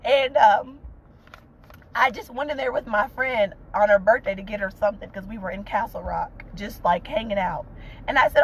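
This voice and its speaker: A high-pitched woman speaks to her viewers from a car while crying. Her talk is fervent and tearful, and she keeps repeating encouraging phrases. She sounds like a mother sharing family news in a casual vlog. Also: moderate pace, a little hiss or hum, rough recording. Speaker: vlogger, mother of two young entrepreneurs. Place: inside a parked car.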